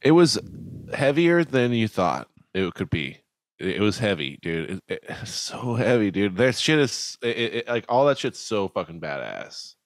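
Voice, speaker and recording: A man's voice: lowish voice, sing-song, moderate pace, no room sound. A young man co-hosting a casual chat, telling a rambling story with laughs and frequent swearing.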